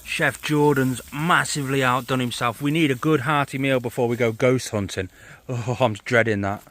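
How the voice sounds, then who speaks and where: A man, chatting excitably to a handheld camera while vlogging outdoors in a forest at night. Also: mid-range voice, moderate pace. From England. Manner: excitable, chatty, laughs often. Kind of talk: casual vlog narration.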